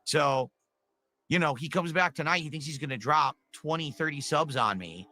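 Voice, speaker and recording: A man's voice: a little high, moderate pace, pushed and bright. A man streaming to his chat, complaining defensively about a viewer he banned.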